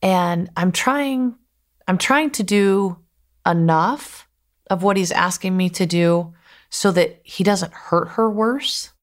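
A woman's voice: lowish voice, slow pace. Woman urgently retelling an attack. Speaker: attack survivor telling her story. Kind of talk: recounted personal testimony.

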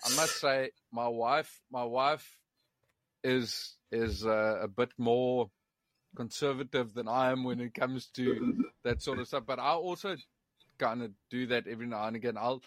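A man's voice: medium pitch, a little slow. A South African man tells stories in a loose, swearing, chatty way. He often stumbles and repeats himself as he talks. His mid-range voice sounds dry and close, with no room echo. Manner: lively, profane, repeats words at the starts of phrases. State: living abroad in England. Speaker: podcast guest. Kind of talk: casual storytelling chat.

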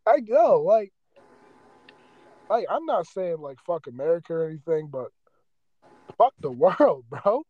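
A man's voice: sits high, sing-song, slow, pauses often, mellow, no echo, muffled recording. A man hosting a podcast, ranting with heavy profanity and raw emotion in a rambling, casual way. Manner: impassioned, heavily profane, rambling. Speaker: podcast host.

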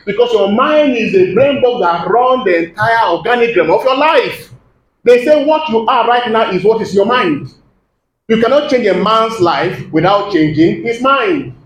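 A man with a high voice preaches with emphatic force, putting questions to his listeners. He is recorded in an echoey church, with a faint hum underneath. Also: animated, moderate pace. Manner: emphatic preaching, calls to the congregation. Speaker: pastor. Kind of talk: sermon.

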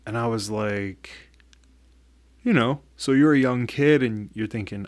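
A man's voice: mid-range voice, dry recording. A man telling a personal story in a casual, candid way, swearing freely and often restarting his sentences. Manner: candid, profane, halting with frequent restarts. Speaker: vlogger.

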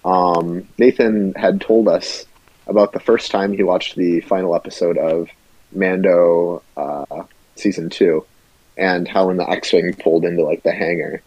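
A man's voice: sits low, steady tone, unhurried, darkish tone, slightly rough, no room sound. A young man co-hosting a casual podcast, rambling in a laid-back way with lots of filler words. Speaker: podcast co-host. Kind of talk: casual chat. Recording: dry, slightly muffled lo-fi audio.

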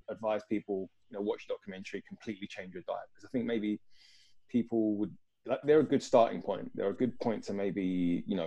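A man's voice: fairly low pitch, mellow. A man with a London accent, a guest speaking earnestly and thoughtfully in a casual video-call conversation. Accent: London English. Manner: reflective, earnest, thinks aloud.

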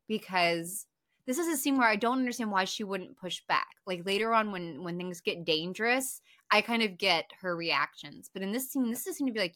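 A young woman co-hosting a podcast, recapping a film in casual, animated chat, swearing freely and restarting her sentences. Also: medium pitch, moderate pace, dry recording, studio quality. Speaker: podcast co-host.

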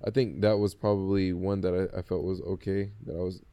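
A man with a low, mellow voice talks in a relaxed podcast conversation. He speaks hesitantly, circling his point with fillers and restarts. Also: fairly quick. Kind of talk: casual podcast chat.

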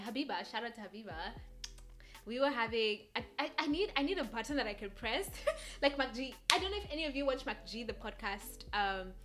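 A woman's voice: fairly high pitch, fairly bright tone. A young woman from Kenya with a Kenyan accent drifting American, hosting a casual solo podcast chat and hopping between thoughts with frequent laughs. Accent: Kenyan English drifting American. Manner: rambling, hops between thoughts, laughs often. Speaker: podcast host.

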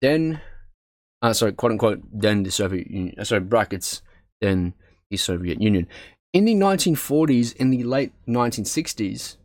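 A man's voice: lowish voice, sing-song, moderate pace, dry recording, studio quality. A man reading text aloud with frequent stumbles and self-corrections, breaking off into casual asides. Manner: stumbles over words, swears and laughs at himself; reads aloud, then breaks into chatty asides.

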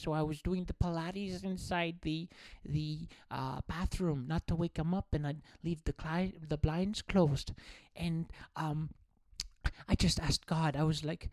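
A man impersonating a famous psychologist's wife, telling a story in a slow, earnest voice. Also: on the high side, darkish tone, no room sound, natural voice. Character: a famous psychologist's wife, soft-spoken, earnest middle-aged woman.

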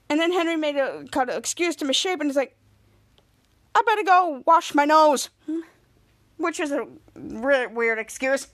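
Woman, high voice, podcast host, casual episode recap, rambling retelling, frequent restarts. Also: a bit bright. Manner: retells scenes with frequent restarts and quoted lines.

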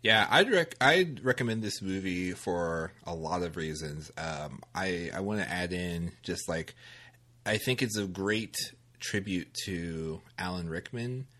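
Casting: very low-voiced male podcast co-host, loose rambling delivery, quick to laugh. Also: expressive, bright, forceful tone. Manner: rambling, filler-heavy, laughs easily. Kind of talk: casual film discussion.

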